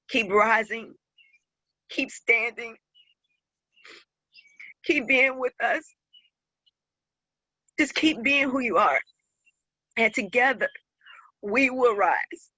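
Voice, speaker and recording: A woman's voice: a little high, bright, forceful tone, dry recording, highs cut off. A woman giving a heartfelt, emotional speech to an online circle in repeating, rhythmic phrases.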